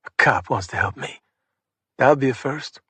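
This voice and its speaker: A man reads a young prison inmate who is hostile and guarded, and who speaks in short, terse bursts. The voice sits at a middling pitch with a close, dry sound. It is read as part of an audiobook story. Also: moderate pace, pushed and bright, husky, dry recording. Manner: curt, terse, clipped.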